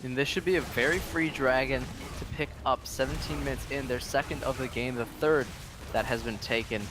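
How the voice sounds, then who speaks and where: A man's voice: mid-range voice, fairly even intonation, brisk, noisy background. A man giving color commentary on an esports match, explaining the play and tagging points with "right?". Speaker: esports analyst.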